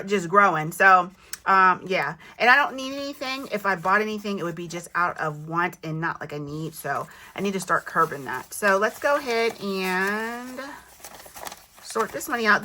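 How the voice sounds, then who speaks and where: A woman's voice: medium pitch, pushed and bright, slight background noise. A woman chatting casually as she counts cash for her savings, teasing herself and sometimes dropping almost to a whisper while counting. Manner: chatty, counts money aloud, self-teasing. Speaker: budgeting vlogger.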